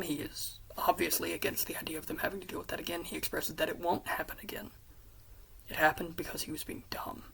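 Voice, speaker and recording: Woman, casual story retelling, rambling asides, low husky gravelly half-whisper. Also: fairly bright tone, low-quality recording. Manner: rambling, quick asides, swears. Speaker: fan pitch presenter.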